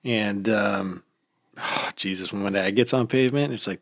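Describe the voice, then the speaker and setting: A man with a fairly low voice tells a story in a relaxed, casual way. He acts out what people said as he goes. The sound is close and dry, with little room behind it. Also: unhurried, no echo. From United States. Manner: animated storytelling, acts out quotes. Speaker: podcast host. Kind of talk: casual chat.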